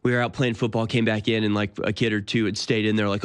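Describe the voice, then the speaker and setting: A man's voice: on the low side, flat delivery, quick pace, smooth. A man in his thirties hosting a talk show, delivering a sardonic, incredulous monologue with frequent laughs. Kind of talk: casual monologue.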